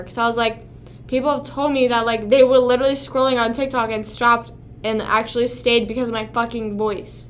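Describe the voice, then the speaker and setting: A woman's voice: on the high side, steady tone, fairly quick, slight background noise. Chatty young woman streamer, swearing. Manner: rambling, swears often, talks to chat. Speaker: livestream host. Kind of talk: casual livestream chat.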